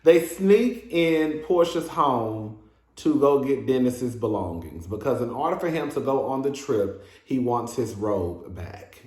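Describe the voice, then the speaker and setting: This man's voice sits at medium pitch and moves a little slowly, with an echoey room around it. His casual, gossipy commentary on a reality show episode is sassy and animated, peppered with laughs and "girl."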